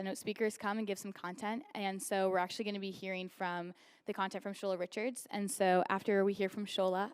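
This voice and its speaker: A woman hosting an event, introducing a program in a rushed way with many fillers. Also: medium pitch, clean tone. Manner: rushed, filler-heavy explaining. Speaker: event host.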